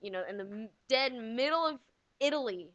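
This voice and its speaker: High bright sarcastic young woman. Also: lively intonation, fairly quick, no room sound, lo-fi sound. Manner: sarcastic, laughs often. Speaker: podcast co-host. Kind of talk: casual comedic chat.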